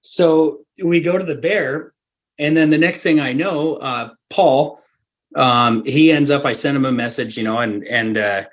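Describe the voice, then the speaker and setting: Animated storytelling man from Alaska. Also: medium pitch, measured pace. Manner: animated storyteller, laughs often, acts out quoted dialogue. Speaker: hunting guide and guest. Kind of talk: storytelling in a podcast interview.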